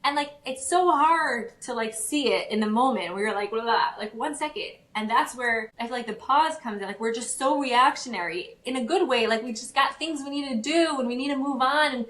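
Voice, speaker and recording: A woman speaks as a guest in a casual podcast interview, her voice sitting a bit high. She tells stories with energy, slips into the voices of the people she quotes, and leans on "like" as she talks. The room around her gives back a noticeable echo. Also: brisk, few pauses. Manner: animated storyteller who acts out quotes, many fillers. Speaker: guest, parenting approach practitioner.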